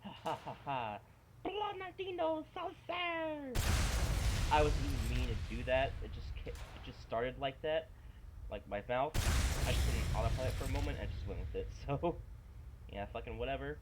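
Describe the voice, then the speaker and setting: A man narrates his own gameplay in a loose, excitable let's-play style, cracking jokes and swearing casually into a desktop mic. His voice sits at an ordinary middle pitch. Heavy game noise, rockets and gunshots, plays loudly behind him. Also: brisk. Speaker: gaming channel host. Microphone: desktop microphone. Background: loud game sounds.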